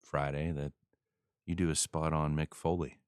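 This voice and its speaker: Deep-voiced laughing male host. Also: little pitch movement, moderate pace, clear, resonant tone, dry recording, clean studio sound. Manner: laughs often, teasing. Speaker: podcast host. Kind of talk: casual chat.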